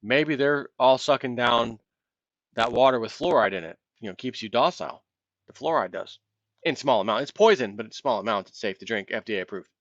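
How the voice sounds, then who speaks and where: A man's voice: medium pitch, expressive, brisk, fairly bright tone, dry recording. A man delivers a heated, impassioned solo rant, now and then slipping into the voices of imagined callers. His sound is dry and close, with no room around it, and a little dull and muffled. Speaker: commentary video host. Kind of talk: ranting solo commentary.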